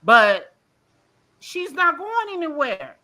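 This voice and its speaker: A woman's voice: high-pitched, big pitch swings, slow, pushed and bright. A woman calling in to a livestream, emotional and ranting bluntly with plenty of swearing. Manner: blunt, profane, rambling. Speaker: caller on a livestream. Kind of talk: emotional call-in rant.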